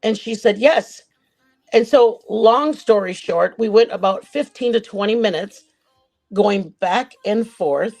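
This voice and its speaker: A woman's voice: mid-range voice, a little slow, a little mellow, soft background music. A woman on a livestream panel casually recounting a chat-room dispute, rambling and often correcting herself. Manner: rambling, self-correcting retelling.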